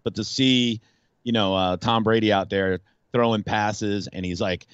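A male radio host in casual sports talk, animated and rambling, with frequent restarts. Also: on the low side, unhurried, smooth, no room sound, dull audio.

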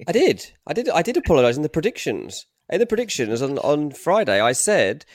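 A man's voice: a little high, huge pitch swings, brisk, hardly any pauses, dry recording, studio quality. A man giving his opinions on a football podcast, rambling and opinionated. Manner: opinionated, rambling, many fillers. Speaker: transfer pundit. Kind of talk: casual football podcast chat.

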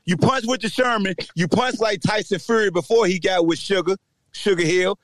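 A man hosting a sports podcast, delivering a loud, taunting trash-talk rant with shouting bursts. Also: high voice, moderate pace, no echo. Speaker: podcast host.

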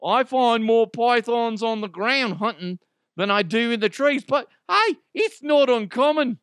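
A man voicing an Australian snake catcher in a high, exaggerated mock Australian accent. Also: expressive, unhurried, a bit bright, smooth, no echo, clean studio sound, exaggerated voice. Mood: matter-of-fact. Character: Australian male snake catcher, matter-of-fact.

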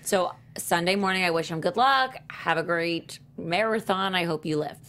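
A woman co-hosting a podcast, chatting casually and telling an animated dating story. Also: fairly low pitch, moderate pace. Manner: animated storyteller, acts out texts in quotes. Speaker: podcast co-host.

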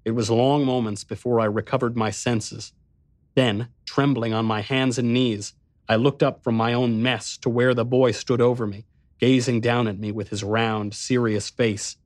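A man narrates a story in the first person with tense, breathless intensity. His voice is mid-pitched and recorded close in a dry studio booth. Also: fairly even intonation, moderate pace, no echo.

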